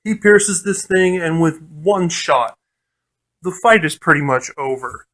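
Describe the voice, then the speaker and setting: A man casually retelling a tabletop adventure, laughing often and cursing freely. His voice sits a little high, and he talks slowly, with plenty of fillers. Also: expressive, a bit bright. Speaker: tabletop game player. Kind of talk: casual storytelling.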